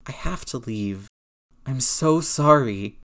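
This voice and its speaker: A woman's voice: expressive, slow pace, fairly bright tone, full character voice. A narrator voicing a distraught, guilt-ridden teenage boy whose voice cracks and pleads. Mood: remorseful. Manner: voice cracking, pleading, rising high.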